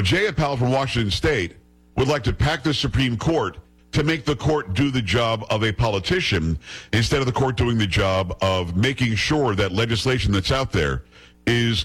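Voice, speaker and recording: A man's voice: medium pitch, slightly rough, low-quality recording. A male talk radio host delivering an opinionated, combative monologue with a scornful, emphatic manner.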